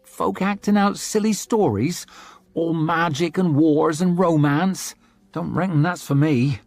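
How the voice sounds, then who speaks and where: A plain-spoken young woman of the north with a dry, teasing tongue, as a male narrator puts her on. Her voice sits high and a little husky, with a different timbre from the narration, in a dry, close audiobook recording with faint music behind. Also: measured pace, darkish tone, no echo. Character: blunt young northern woman, wry and earthy.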